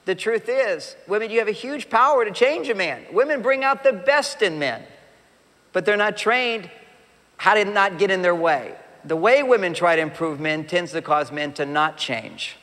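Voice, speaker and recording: A man's voice: high-pitched, moderate pace. Man speaking in a reverberant hall. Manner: animated, jokey, acts out quoted voices. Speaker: relationship speaker. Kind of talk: live talk to an audience.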